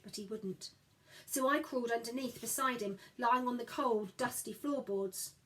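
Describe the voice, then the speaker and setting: Expressive woman reading a storybook. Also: on the high side, moderate pace, poor audio. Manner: expressive, voices the characters. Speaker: audiobook narrator. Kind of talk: first-person storybook narration.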